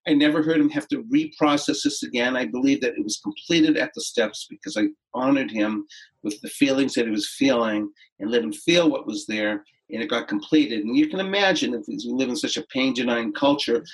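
With a mid-range voice, a middle-aged man on a podcast reflects on a personal story, speaking softly and slowly with frequent pauses and restarts. The recording sounds rough.

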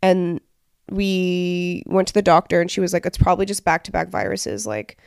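A young pregnant woman chatting casually as a podcast co-host, chatty and quick to laugh. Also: on the low side, flat delivery, creaky, smooth, no echo, studio quality. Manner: chatty, laughs often, lots of "like". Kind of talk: casual chat.

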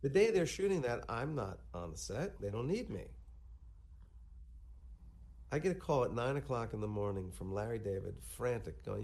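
A man's voice: mid-range voice, lively intonation, moderate pace, long pauses, a little mellow. A man in an interview clip telling a story, acting out the lines he quotes. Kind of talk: anecdote in an archive clip.

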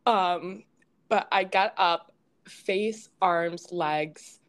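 A young woman co-hosting a podcast, telling a story in a casual, animated way with lots of laughter and fillers. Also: on the low side, very slow. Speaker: podcast co-host.

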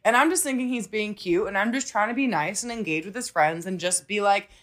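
A woman's voice: medium pitch, fairly quick. A young adult woman hosting a podcast, telling a story in casual chat, swearing freely and acting out the voices of people she quotes. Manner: profane, animated, acts out quoted voices. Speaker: podcast host.

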